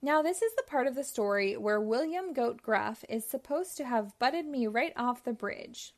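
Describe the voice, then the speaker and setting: At a moderate pace and fairly high pitch, a woman reads aloud from a children's picture book, storytelling with plenty of expression.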